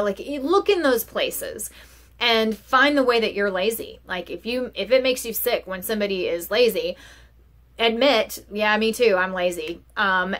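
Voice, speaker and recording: A woman talks casually about self-acceptance to her listeners. Her voice sits a little high, and her speech is loose and rambling, full of "um" and "like.". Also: fairly bright tone. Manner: chatty, many fillers and "like"s. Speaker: host. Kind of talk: casual self-help talk.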